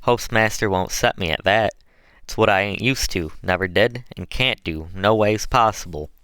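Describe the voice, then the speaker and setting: Humble, steadfast worker, deep and quietly firm, voiced by a male reader. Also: moderate pace, clear, resonant tone, no echo, close to an everyday voice. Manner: quiet, respectful but firm.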